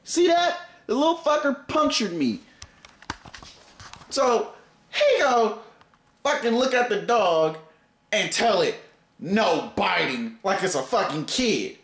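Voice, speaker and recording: A man telling an angry, heavily profane story as a vlog, his pitch swinging wildly as he gets worked up. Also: big pitch swings, takes it slowly, long pauses, a bit bright, roomy sound. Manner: heated, swears constantly, wildly varying pitch.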